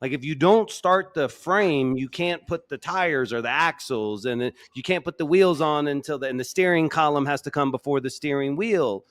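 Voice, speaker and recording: A man's voice: a little high, moderate pace, few pauses, fairly bright tone, no echo. A man hosting a sales podcast, enthusiastically affirming and building on his guest's points. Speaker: podcast host. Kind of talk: podcast interview.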